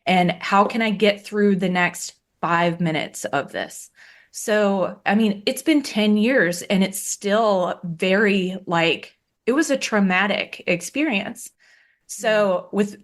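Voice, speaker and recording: Frank woman telling her own story. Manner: frank, acts out quoted voices in a raised pitch. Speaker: guest. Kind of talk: candid conversational storytelling.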